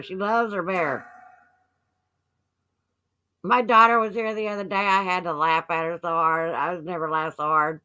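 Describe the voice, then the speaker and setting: A woman's voice: lowish voice, pushed and bright. A woman hosting a casual livestream from her home, chatting in a folksy way and laughing easily. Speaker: livestream host. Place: at home, indoors.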